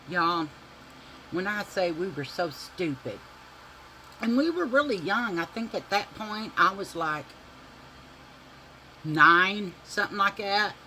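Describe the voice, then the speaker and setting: A man with a drawl spins rowdy, cussing childhood stories to his viewers while putting on makeup. He talks slowly, his voice fairly high and bright, with a faint hiss of noise behind him. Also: low-quality recording. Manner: animated, profane, drawling storyteller addressing viewers as y'all. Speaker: beauty vlogger. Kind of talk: casual storytelling while doing makeup.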